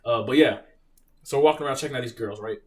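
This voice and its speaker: A young man hosting a casual live Q&A, reading out viewer questions and telling stories in an animated, profane way. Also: mid-range voice, quick pace, far from the mic, slight background noise. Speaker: live stream host, Marine veteran.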